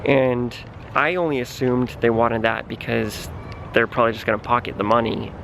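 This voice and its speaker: A man's voice: medium pitch, fairly even intonation, normal speed, gravelly, a bit bright, a little hiss or hum. A young man vlogging, telling a story in a chatty, dramatic way and often saying "like". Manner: chatty, dramatic, heavy use of "like". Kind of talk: casual storytelling to camera.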